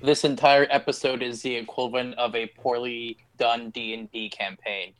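Man, casual podcast chat, wry jokes, dry asides, mid-pitched voice. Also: little pitch movement, normal speed, a bit bright, clear, resonant tone, low-quality recording. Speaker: podcast co-host.

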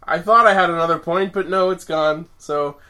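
A podcast host in a casual group chat, lively and giggly, steering the conversation. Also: medium pitch, moderate pace.

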